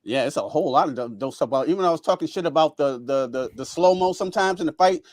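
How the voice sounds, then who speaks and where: A man's voice: a little high, quick pace, no echo, clean studio sound. A man chatting casually on a live stream, agreeing often with others. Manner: agreeable, frequent mm-hmms. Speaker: movie reviewer on a live stream. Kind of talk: casual chat.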